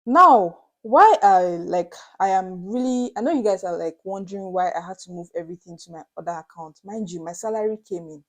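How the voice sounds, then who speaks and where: A young Nigerian woman vlogger retelling a story to her viewers in an animated, dramatic way, slipping into Pidgin asides. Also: fairly low pitch, quick pace, few pauses. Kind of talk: storytelling to camera.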